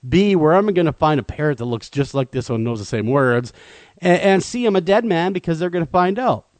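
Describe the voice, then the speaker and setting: Animated male radio host telling a story. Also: a little high, brisk, dry recording. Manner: animated, self-deprecating storyteller. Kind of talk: comedic anecdote on talk radio.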